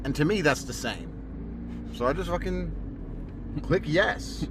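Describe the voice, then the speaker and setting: A man's voice: a little high, expressive, measured pace. A man mocking someone in a brash, profane, sneering monologue. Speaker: wealthy commentator. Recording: outdoor street noise. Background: traffic noise.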